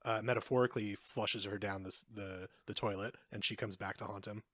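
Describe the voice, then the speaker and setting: A man co-hosting a podcast, talking about films in a relaxed casual way with dry humor. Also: on the low side, fairly quick, no room sound. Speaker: podcast co-host. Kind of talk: casual chat.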